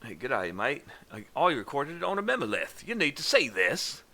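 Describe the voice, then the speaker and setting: A man's voice: mid-range voice, wildly swooping pitch, normal speed, bright, forceful tone, pitched above the performer's own voice, full character voice. A man voicing a woman from a game with a clumsy, uneven imitated Australian accent, over game music. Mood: chirpy. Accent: Australian, imitated badly.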